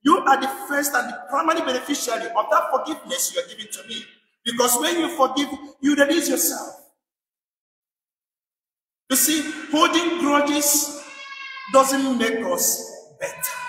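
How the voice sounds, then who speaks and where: A man's voice: very high-pitched, measured pace, long pauses, pushed and bright, slight background noise. A man, a priest, preaching a sermon emphatically with repeated rhetorical questions, in a church. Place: church in England. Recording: echoey church from a distance.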